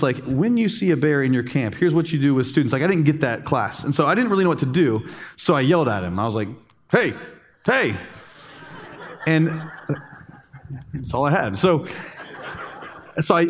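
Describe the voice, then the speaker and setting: A man's voice: a little high, long reverb tail. Thirty-something man preaching with humor. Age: 30s. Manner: storytelling with humor, pauses for emphasis. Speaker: pastor. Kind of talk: sermon.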